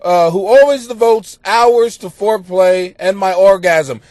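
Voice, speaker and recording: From his home basement, a high-pitched man hosts a comedy podcast, reading listener questions and answering them in a crude, profane, mocking rant that swings into yelling. He talks a little slowly, and there's no echo.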